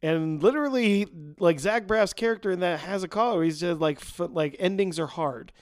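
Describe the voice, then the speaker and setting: Upbeat male co-host with a slightly high voice, recorded dry and close; chatty, quick to laugh. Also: clear, resonant tone, dry recording. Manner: upbeat, laughs often, says "man" and "guys". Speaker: podcast co-host. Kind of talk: casual podcast chat.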